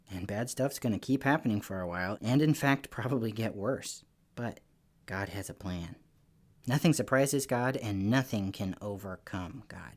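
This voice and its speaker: A man giving a lively children's church lesson, telling stories in an animated, playful way with little voices. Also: lowish voice. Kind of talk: lively kids' lesson talk.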